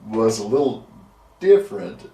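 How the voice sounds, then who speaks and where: A man's voice: on the low side, big pitch swings, measured pace, mellow, far from the mic. A man hosting a casual interview, teasing his guest and laughing often. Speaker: show host. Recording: echoey room, off-mic.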